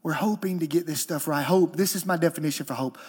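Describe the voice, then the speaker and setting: High-voiced, emotional male pastor preaching. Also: quick pace, husky. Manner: emotional and animated, swinging from soft and low to high and loud. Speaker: lead pastor. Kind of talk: sermon.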